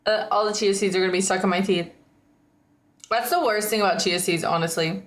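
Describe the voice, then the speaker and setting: A woman livestreaming from home, chatting casually with viewers in a rambling way, her voice slightly hoarse. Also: medium pitch, fairly even intonation, fairly quick, reverberant. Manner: rambling, chatty, frequent likes and ums.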